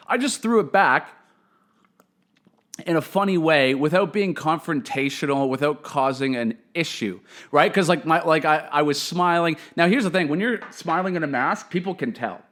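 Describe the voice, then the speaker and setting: Speaking in a slightly high voice, this young comedian host spins a casual, profane, lively story, briefly impersonating the people he quotes.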